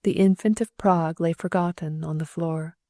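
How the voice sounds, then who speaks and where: A woman narrating a classic novel as an audiobook, gentle and measured, close to the mic. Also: on the low side, steady tone, no echo. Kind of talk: scripted narration.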